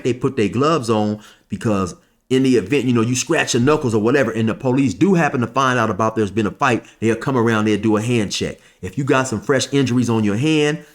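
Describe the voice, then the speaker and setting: A man telling a personal story in a loose, conversational way, with frequent asides. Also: mid-range voice. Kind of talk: casual storytelling.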